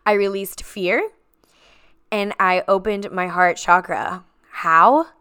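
Woman podcaster telling her story, bright voice, really dry close sound, keeps repeating stuff for emphasis. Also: medium pitch, slow, clean tone, no room sound. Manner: emphatic and repetitive, addresses listeners as guys. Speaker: podcast host. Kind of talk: personal storytelling to listeners.

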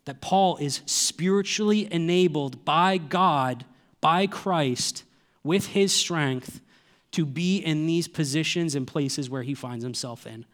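Pastor guy giving a sermon, kinda high-pitched, earnest, keeps asking questions. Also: takes it slowly. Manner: earnest preaching with rhetorical questions.

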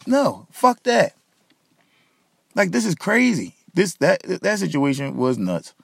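A man's voice: sits high, huge pitch swings, slow, vocal fry, fairly bright tone, breathy edge, dry recording. A man hosting a solo podcast, ranting bluntly and profanely while talking straight to his listeners. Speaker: podcast host.

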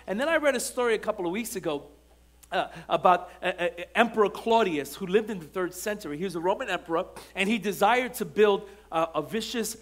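Male pastor, high voice, sermon, storytelling with restarts, emphatic repeated phrases. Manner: animated preaching, rising to emphatic repeated lines; conversational storytelling with frequent restarts. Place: church sanctuary.

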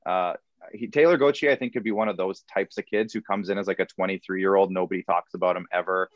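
A man co-hosting a casual hockey podcast, relaxed and joking, thinking aloud with fillers. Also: low voice, fast talker, no room sound. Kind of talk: casual chat. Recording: dull lo-fi dry mic.

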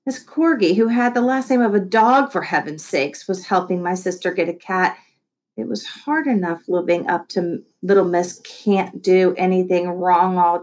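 A woman reading a first-person children's novel aloud with wry, expressive storytelling. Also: lowish voice. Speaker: audiobook reader. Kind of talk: first-person scripted narration.

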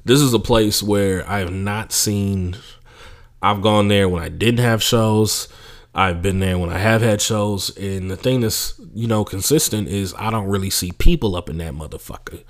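Young man, podcast host, low voice, casual swearing monologue, animated storytelling. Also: moderate pace. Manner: profane, animated storytelling with mocking impressions. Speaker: podcast host, stand-up comedian.

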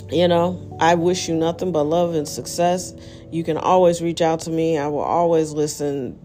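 A woman's voice: sits low, mellow. A tired woman hosting her own podcast, talking in a rambling, candid way full of fillers. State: tired, yawning. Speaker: podcast host. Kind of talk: casual monologue.

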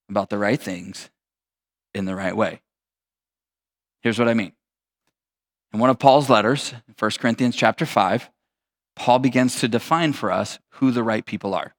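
A man's voice: mid-range voice, long reverb tail. A man preaching a sermon as a pastor, in a casual, conversational and slangy way.

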